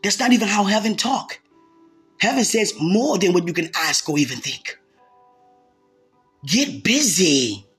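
A woman preaching a fervent sermon, repeating phrases and bursting into shouts. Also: medium pitch, expressive, normal speed, husky, faint music behind. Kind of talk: impassioned sermon.

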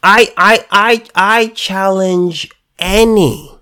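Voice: mid-range voice, drawn-out words, bright, forceful tone, smooth. A political commentator delivering a heated monologue, emphatic and sarcastic, often stumbling and restarting words.

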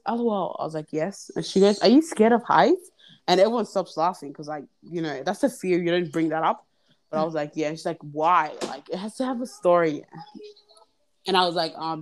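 A woman's voice: fairly low pitch, slight background noise. A young woman telling a long story in casual podcast chat, acting out the other people's lines. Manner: animated, acts out quoted voices. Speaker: podcast guest. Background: children in the background.

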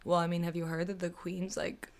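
A woman's voice: fairly low pitch, level tone, brisk. A young woman co-hosting a podcast, chatting casually, rambling and giggling, with casual swearing. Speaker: podcast co-host. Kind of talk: casual chat.

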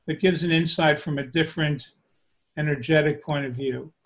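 A man explaining his trance channeling in a soft, hesitant, casual way. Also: fairly high pitch, fairly even intonation, moderate pace. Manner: soft-spoken, hesitant, lots of ums. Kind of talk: casual chat.

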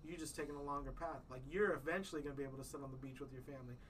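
A man's voice: medium pitch, fairly even intonation, rapid-fire, far from the mic, slight background noise, low-quality recording. A man in his thirties hosting a podcast, chatting casually in a rambling way and telling stories. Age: 30s. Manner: rambling, restarts often, tells stories. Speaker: podcast host. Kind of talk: casual chat.

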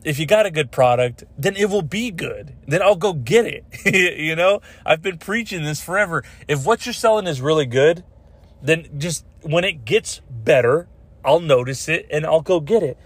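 A man's voice: a little high, moderate pace, breathy edge, no room sound. A young adult man hosting a podcast, ranting casually and profanely, telling stories and acting out the people in them. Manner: animated, profane storytelling with voiced quotes. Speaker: podcast host. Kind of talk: casual solo podcast rant.

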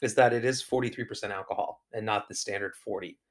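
A man's voice: on the low side, quick pace. Opinionated man rambling on a podcast. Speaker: podcast co-host. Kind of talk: casual chat.

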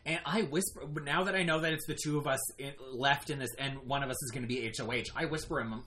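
A man's voice: mid-range voice, quick pace, hardly any pauses, pushed and bright, a little hiss or hum. A young man casually recapping a game season he played in, retelling events in a rambling, self-correcting way.

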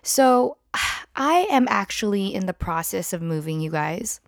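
Crude, animated woman storyteller. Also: medium pitch, measured pace, gravelly, no room sound, studio quality. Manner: crude, animated, swears freely. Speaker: podcast host. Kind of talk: comic storytelling monologue.

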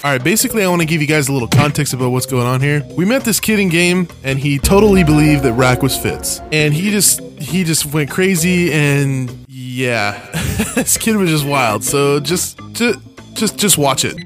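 A man in a casual podcast chat, excitable and quick to laugh as he sets up a clip. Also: on the high side. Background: music.

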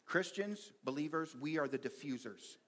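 A man preaching a sermon in a lively, conversational way, reading quotes and making asides to the congregation. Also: on the high side, normal speed. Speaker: pastor.

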